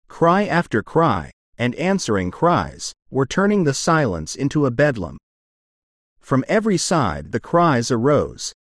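Slow, expressive male audiobook narrator. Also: mid-range voice, no echo, clean studio sound. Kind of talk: audiobook reading.

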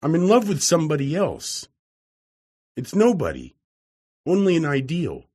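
Guy putting on a soft-spoken young lady, kinda husky, pitch pushed up, swoops around a lot. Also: wildly swooping pitch, unhurried, heavily acted. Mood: gently firm. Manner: raised, softened pitch for the woman's part. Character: gentle young woman, calm and idealistic.

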